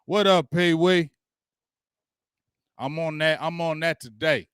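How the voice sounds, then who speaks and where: A man's voice: a little high, steady tone, slow, a bit bright, clean tone, dry recording, studio quality. A man hosting a casual sports livestream, hyped and slangy, greeting viewers by name as they join. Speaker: sports talk livestream host.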